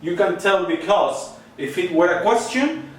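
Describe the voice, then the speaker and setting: Lively teacher in an echoey room. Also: male voice, sits high, unhurried. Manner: lively, coaxing questions to students. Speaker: Spanish teacher. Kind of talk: recorded online lesson. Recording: very echoey room, mic at a distance.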